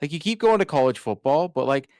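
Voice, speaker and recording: A man's voice: on the high side, expressive, quick pace, darkish tone, no echo, clean studio sound. A man co-hosting a gaming podcast, chatting casually with blunt, teasing remarks. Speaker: podcast co-host. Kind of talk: casual chat.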